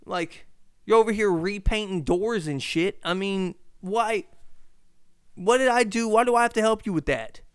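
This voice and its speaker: Brief: young man, podcast host, fast profane rambles, smooth clear voice, slightly high, dry close mic. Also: dry recording. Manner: profane, rambling, animated rants. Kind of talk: casual solo sports podcast rant. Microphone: handheld mic.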